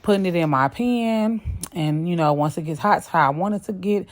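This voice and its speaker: A woman's voice: lowish voice, fairly quick. A woman hosting a cooking video, talking casually over the footage, chatty and sassy, calling her viewers y'all.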